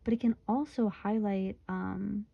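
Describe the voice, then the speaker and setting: A woman's voice: medium pitch, steady tone, measured pace, gravelly, no room sound, dull audio, faint music behind. Chatty young woman reading tarot. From Michigan, USA. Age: 20s. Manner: chatty, giggly, often breaks into laughter. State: sleepy, yawning. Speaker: tarot reader.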